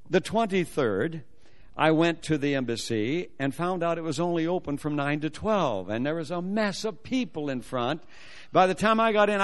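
A man telling a personal testimony as a sermon, animated and acting out the voices of the people in his story. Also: fairly high pitch.

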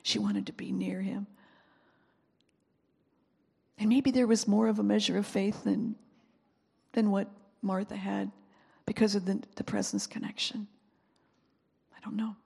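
A woman preaching a sermon with deep emotion, sometimes dropping to a whisper and sometimes rising to an impassioned plea. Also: flat delivery, moderate pace, creaky, pauses often, darkish tone, husky, in a large hall. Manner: emotional, drops to whispers and rises to impassioned pleas.

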